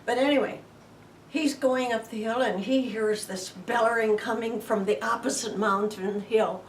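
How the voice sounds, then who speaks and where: A woman giving a homey, chatty Bible teaching, sometimes dropping to hushed tones. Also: a little high, fairly even intonation, moderate pace, a little hiss or hum. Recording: roomy sound from a distant mic.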